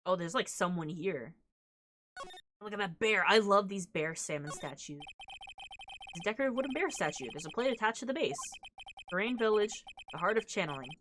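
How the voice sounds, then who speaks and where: A woman's voice: mid-range voice, lively intonation, moderate pace, a bit bright, a little hiss or hum, low-quality recording. A young woman streamer giving casual let's-play commentary, musing about the scenery with little asides. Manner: chatty, reads scenery aloud, asides.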